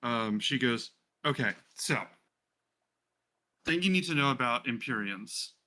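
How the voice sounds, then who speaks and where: A man's voice: medium pitch, animated, unhurried, pushed and bright. A man running a tabletop role-playing game, narrating in a chatty way with many fillers. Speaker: game master.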